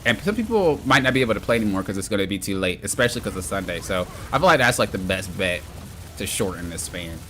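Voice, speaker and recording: A man live-streaming a video game with excitable, exclamatory commentary, yelling at mishaps and trash-talking his friends. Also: deep voice, fast talker, a little hiss or hum.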